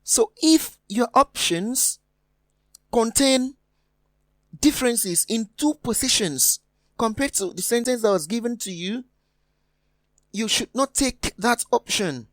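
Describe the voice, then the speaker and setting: Woman teacher going thru exam answers real slow, voice rises and falls a lot, dry close sound. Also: on the high side, animated, no room sound. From West Africa. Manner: slow, deliberate, spells out words and repeats them. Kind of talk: exam-prep lesson.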